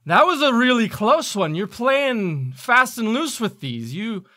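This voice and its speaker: A man voicing a cocky, mocking male imp in a tabletop game, loud and sneering. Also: very high-pitched, very animated, a little slow, voice pushed up, exaggerated voice. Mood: taunting.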